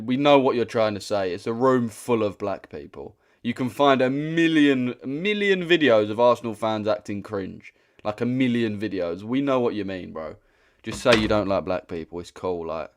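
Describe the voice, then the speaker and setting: A young British man hosting a trading livestream, chatting casually in a blunt, slangy way that repeats itself. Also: on the low side. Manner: slangy and direct, repeats himself.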